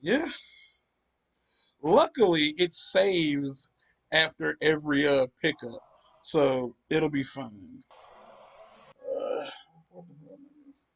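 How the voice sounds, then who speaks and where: A man's voice: fairly high pitch, takes it slowly, creaky, long pauses, a bit bright. A young man hosting a gaming channel, ranting profanely in casual chat while he plays. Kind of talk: casual chat over gameplay.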